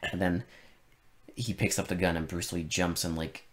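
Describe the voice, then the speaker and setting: A man co-hosting a podcast, chatting casually about a film with deadpan sarcasm and plenty of swearing. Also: low-pitched, moderate pace. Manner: sarcastic, profane, deadpan irony. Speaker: podcast co-host. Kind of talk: casual film review chat.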